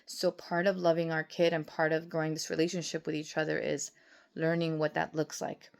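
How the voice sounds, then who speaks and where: A woman's voice: low voice, level tone, a little fast, creaky. A woman in her forties, a nurse practitioner, giving parenting advice in a casual, conversational way, often acting out little parent-and-teen exchanges. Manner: warm, conversational, acts out parent-teen dialogue, many restarts. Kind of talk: casual advice talk to camera.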